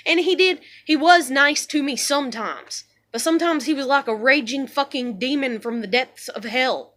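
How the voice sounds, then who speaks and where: High, bright-voiced woman venting profanely. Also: moderate pace, hardly any pauses. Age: 30s. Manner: profane, rambling, frustrated. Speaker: vlogger. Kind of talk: emotional venting monologue.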